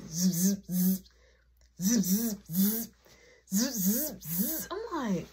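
A woman telling a story in a casual storytime vlog, her husky, slightly breathy voice swinging widely up and down in pitch. She is animated and acts out each quoted voice as she goes. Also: moderate pace. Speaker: vlogger.

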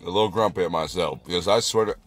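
A young man streaming live and talking while eating spicy food, with dramatic swearing, yelling in pain and low groaning. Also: fast talker.

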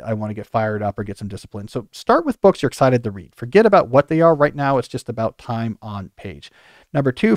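A man hosting a podcast, giving animated advice with playful joking asides. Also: medium pitch, no echo, clean studio sound. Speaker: podcast host.

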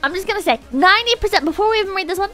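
A woman streamer chatting casually to her chat, excitable and swearing, often breaking into shouts. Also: very high-pitched, racing, soft background music. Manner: excitable, swears a lot, bursts into shouting and laughter. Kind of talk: casual live-stream chat reading posts to chat.

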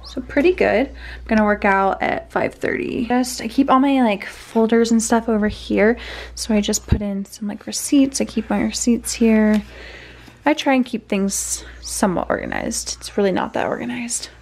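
A woman's voice: a little high, steady tone, normal speed, a little mellow. A young woman vlogger talking casually through her day, chatty and saying "y'all" often. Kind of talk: casual vlog chat.

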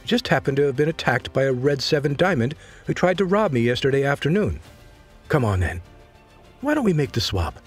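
A man's voice: mid-range voice, sing-song, brisk, soft background music. A man doing a sly, easygoing bald teen trader. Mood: easy, sly. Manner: easygoing, smooth-talking. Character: calm, sly bald teenage boy trader.

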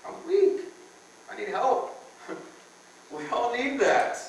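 A man's voice: very high voice, big pitch swings, slow, slight background noise. Echoey man preaching at a church men's conference. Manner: earnest, conversational preaching with repeated phrases. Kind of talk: sermon. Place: church hall with a live audience. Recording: very echoey church hall, mic from far off.

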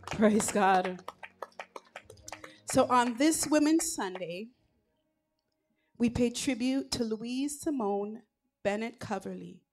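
A woman leading worship at a church service, speaking deliberately with fervent calls to praise. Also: on the high side, lively intonation, darkish tone. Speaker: worship leader.

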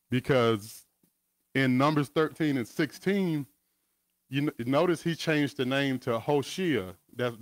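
A man leads a Bible teaching over a video call, mixing scripture readings with relaxed, chatty asides. His voice sits at an everyday middle pitch. The sound is dry and close, with no room echo. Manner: casual, asides and chuckles between scripture readings.

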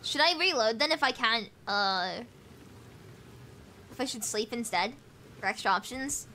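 A British woman streaming a video game, chatty and excitable, thinking aloud as she plays. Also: on the high side, unhurried, slight background noise. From Britain. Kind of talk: casual gameplay commentary.

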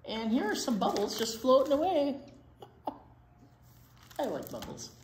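A woman's voice: sits high, big pitch swings, measured pace, a little mellow, a little hiss or hum. A woman reading a picture book to children at storytime, playful with giggly asides. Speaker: children's librarian reading to kids. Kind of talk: storytime read-aloud. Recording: echoey room.

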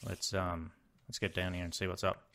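A young man giving casual gameplay commentary, excitable, exclaiming and muttering to himself as he plays. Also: sits low, moderate pace, a little hiss or hum. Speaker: Let's Play host.

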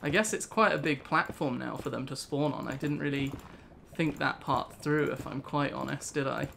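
Telling a rambling, laugh-filled story during a casual let's play, this young British gaming host speaks at normal speed with a medium pitch, vocal fry, and a fairly bright tone. There is a slight hiss or hum.

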